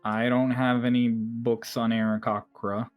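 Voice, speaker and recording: A man voicing a big male furbolg shopkeeper who speaks slowly in broken, halting phrases. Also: medium pitch, little pitch movement, clean tone, no room sound, soft background music, natural voice. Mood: deliberate. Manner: slow, halting broken speech.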